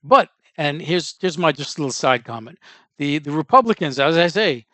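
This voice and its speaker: A man's voice: on the high side, animated, moderate pace, bright, forceful tone, no room sound. A man giving casual, indignant political commentary as the host, rambling with many restarts and fillers.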